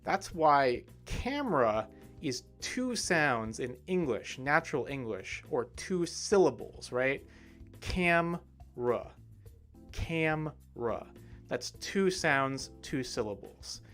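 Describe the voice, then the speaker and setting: A man teaching English pronunciation in a livestream lesson, modelling words slowly and clearly and checking in with "right?". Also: mid-range voice, very animated, a bit bright, faint music behind.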